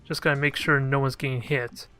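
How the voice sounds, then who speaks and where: A man's voice: mid-range voice, flat delivery, a little fast, pushed and bright, faint music behind. A man commenting casually on his own strategy gameplay, thinking aloud and cracking joking asides at his units. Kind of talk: casual let's play commentary.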